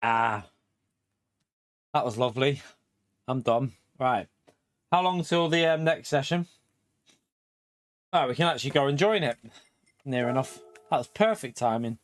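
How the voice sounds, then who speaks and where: A man's voice: mid-range voice, a little slow, pauses often. A middle-aged man from England chatting casually on a live stream through a headset, laughing often between remarks. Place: home.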